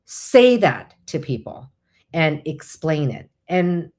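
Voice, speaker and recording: A woman vlogger giving casual, encouraging and practical advice, chatty with quick asides. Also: sits low, very animated, a little mellow. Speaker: vlogger host.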